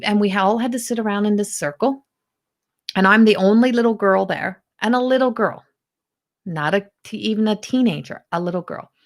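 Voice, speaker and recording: A woman, a spiritual healer and life coach, talking earnestly and emphatically. She rambles and often corrects herself mid-sentence. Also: mid-range voice.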